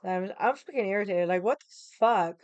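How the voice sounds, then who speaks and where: A woman's voice: medium pitch, a little fast, a little mellow, no room sound, lo-fi sound. A woman telling a story at home, blunt, profane and heated. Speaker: vlogger. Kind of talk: casual storytelling. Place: home room with the AC running.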